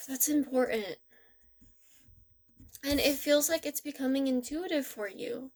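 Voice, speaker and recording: A young woman giving a tarot reading in a gentle, rambling, casual way, with many restarts. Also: high-pitched, slow pace. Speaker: tarot reader.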